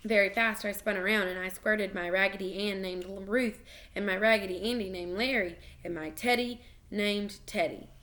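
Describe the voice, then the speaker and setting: Woman reading a kids chapter book out loud, bright voice, expressive, trips on a word now and then. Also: medium pitch, moderate pace. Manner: expressive, with small slips and restarts. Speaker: reader. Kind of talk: reading a children's book aloud.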